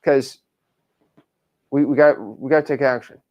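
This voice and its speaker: A young man coaching a caller on a call, pushy and repeating lines slowly word by word. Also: medium pitch, steady tone, highs cut off. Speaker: wholesaling coach.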